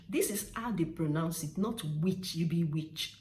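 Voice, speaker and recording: A woman's voice: mid-range voice, lively intonation, darkish tone, echoey room, recorded from a distance. A woman with a Nigerian accent explaining slang in a casual vlog, acting out phrases by drawing them out with emphasis. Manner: drawn-out, emphatic demonstrations of phrases. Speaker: vlogger teaching slang.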